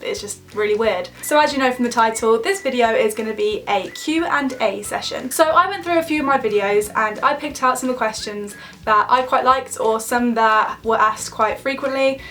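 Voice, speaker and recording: A woman's voice: fairly high pitch, moderate pace, few pauses, fairly bright tone. A woman in her twenties with an English Midlands accent, chatting casually through a Q&A vlog with lots of "like" fillers. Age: 20s. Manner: chatty and bubbly, many "like" fillers. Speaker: YouTuber.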